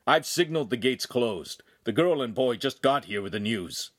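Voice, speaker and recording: A brisk guard captain gives short, crisp reports, as a male reader voices him. His voice sits near the reader's own, only slightly raised. The pitch stays lively.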